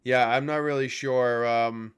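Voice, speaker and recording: A man's voice: mid-range voice, fairly even intonation, a little slow, clean tone. A young man hosting a casual sports chat, profane and heated, ranting in bursts. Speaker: podcast host.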